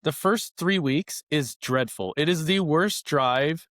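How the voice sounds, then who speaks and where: A young man telling stories as a podcast guest in a casual, animated, rambling way with many fillers. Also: a little high, slow, no room sound. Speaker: former baseball player guest.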